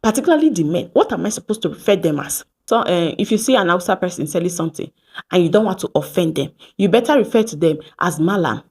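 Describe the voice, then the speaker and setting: A Nigerian woman in her thirties from Edo State, telling stories to camera in a lively vlog, slipping into Pidgin and acting out what people said. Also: on the low side, fast talker, husky. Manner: animated, mixes Pidgin phrases, acts out quoted exchanges. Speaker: vlogger. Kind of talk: casual storytelling to camera.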